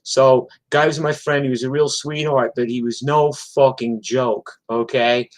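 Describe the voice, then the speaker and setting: A man's voice: medium pitch, steady tone, measured pace, rough recording. A man, a touring musician, telling road stories in a casual, profane, rambling way. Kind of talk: casual storytelling on a livestream.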